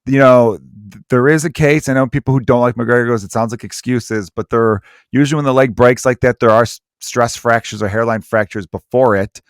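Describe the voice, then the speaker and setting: A man's voice: medium pitch, fairly even intonation, brisk, clear, resonant tone, dry recording, clean studio sound. A man hosting a podcast, chatting casually over a call, rambling with restarts and quoting others in voices. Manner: rambling, restarts often, mimics others' quotes. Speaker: podcast host. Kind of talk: casual chat.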